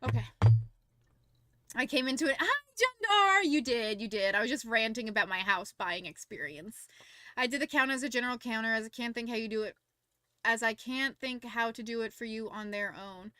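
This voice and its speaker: A young woman streaming, chatting casually and telling a rambling, animated story full of fillers. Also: on the high side, normal speed, no room sound, studio quality. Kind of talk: casual livestream chat and visual novel read-along.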